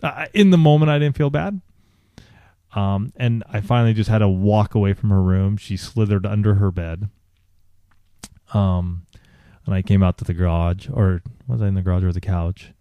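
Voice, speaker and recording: A man co-hosting a podcast, telling a candid personal story in a halting way, with many restarts and fillers. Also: lowish voice, no room sound, muffled recording. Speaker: podcast co-host.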